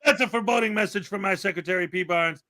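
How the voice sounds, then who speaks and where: A man's voice: sits high, fast talker, over loud music. A man hosting a casual livestream commentary show, chatty, with frequent fillers and laughs. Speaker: livestream host.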